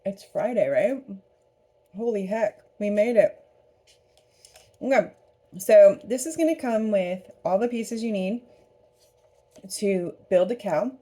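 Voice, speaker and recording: A woman's voice: mid-range voice, takes it slowly, long pauses, dark tone. A woman hosting a casual craft painting tutorial, chatty and upbeat as she works. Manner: chatty, upbeat, talks while eating. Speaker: craft studio host.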